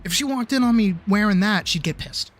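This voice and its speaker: Brief: male streamer, slightly high voice, rambling casual chat, swears, apologizes often, faint music behind. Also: expressive, a little fast.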